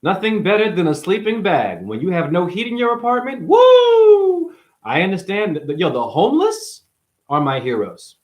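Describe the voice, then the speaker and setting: A man from Boston rambling on a livestream, animated and swearing, jumping between topics and acting out the people in his stories. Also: sits high, fairly quick, highs cut off. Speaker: livestream host.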